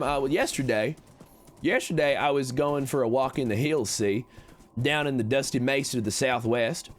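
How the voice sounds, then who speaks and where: A man streaming a game in character as a chatty cowboy con man, reading chat with folksy talk and sudden high excited jumps. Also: moderate pace.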